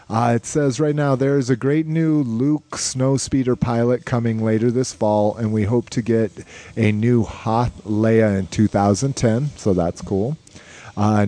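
A man's voice: lowish voice, mellow. A man hosting a casual podcast, reading listener questions aloud and chuckling often in an easygoing way. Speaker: podcast host.

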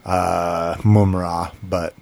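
A man's voice: low voice, little pitch movement, extremely slow, gravelly, darkish tone. A man hosting a podcast in loose casual chat, swearing freely and laughing between remarks. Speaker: podcast host.

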